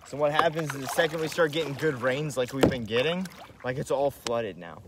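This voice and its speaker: A young man talking casually on a live stream from a kayak on a river, slangy, swearing and excitable. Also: mid-range voice, brisk. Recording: loud outdoor wind and water noise.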